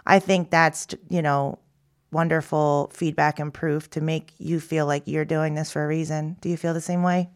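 A woman's voice: low-pitched, flat delivery, moderate pace. Reflective woman hosting a podcast. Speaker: podcast host. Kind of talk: conversational interview.

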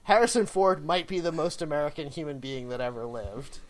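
A woman co-hosting a podcast in casual chat, animated and quick to laugh, talking over the others. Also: deep voice. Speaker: podcast co-host.

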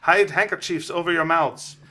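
A man co-hosting a casual podcast, reading a comic aloud and getting animated as he talks it over. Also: a little high, moderate pace. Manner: animated, reads characters in silly voices, gets worked up. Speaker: podcast co-host.

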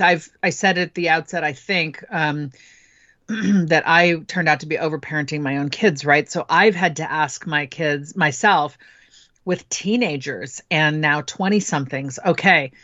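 Middle-aged woman on a podcast, lowish voice, frank storytelling, kinda dull lo-fi sound. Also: fairly bright tone, dry recording. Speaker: parenting guest. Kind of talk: conversational podcast interview.

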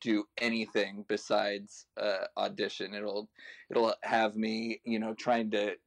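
A man's voice: fairly low pitch, completely flat delivery, takes it slowly, creaky. A man in casual podcast chat, talking candidly, swearing and laughing as he goes.

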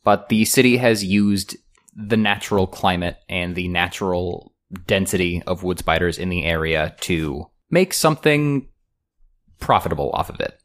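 A man acting as game master, narrating a tabletop fantasy game in an unhurried, descriptive way. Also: low voice, expressive.

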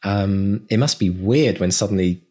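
A man's voice: lowish voice, normal speed, darkish tone. A man co-hosting a podcast, enthusiastic and rambling in casual chat. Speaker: podcast co-host.

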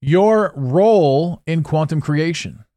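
A man hosts his own podcast in a loose, rambling monologue, swearing and chuckling at his own lines. His pitch swings widely as he talks. The sound is dry and close to the mic. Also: slow, no echo. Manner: animated, swearing, laughing at his own jokes. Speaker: podcast host.

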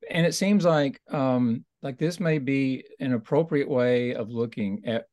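A man's voice: medium pitch, a little slow, a little mellow, no room sound. Man explaining scripture in conversation. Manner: thoughtful, explanatory, with frequent restarts. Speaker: Bible study teacher. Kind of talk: conversational Bible study discussion.

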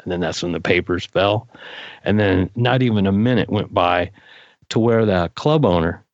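An older man, a guest in an interview, telling a story in a casual, animated way, his voice jumping up when he gets excited. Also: sits low, normal speed, no echo. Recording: dull lo-fi recording.

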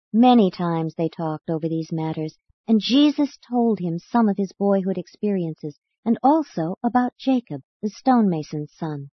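Woman reading an audiobook, husky breathy voice, dry dull lo-fi sound. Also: lowish voice, dry recording. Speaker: narrator. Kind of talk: scripted audiobook narration.

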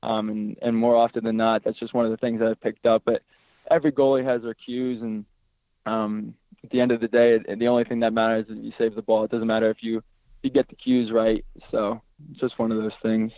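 Hoarse raspy man on a tinny line. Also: on the low side, brisk, dry recording. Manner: relaxed, rambling with fillers. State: hoarse from yelling. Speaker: goalkeeper guest. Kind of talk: casual interview. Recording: dry tinny phone-like line.

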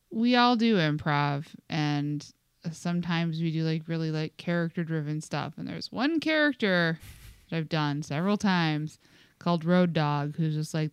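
Podcast co-host, young adult woman, smooth and close, low-ish voice, chatty and loose with fillers. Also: no room sound, muffled recording. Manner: chatty, many "like" fillers, acts out quotes. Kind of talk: casual chat.

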